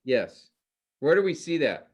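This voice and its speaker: A man teaching a class in a conversational way, often pausing to quiz his students with questions. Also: fairly high pitch, very animated, a little mellow. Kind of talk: interactive class lecture.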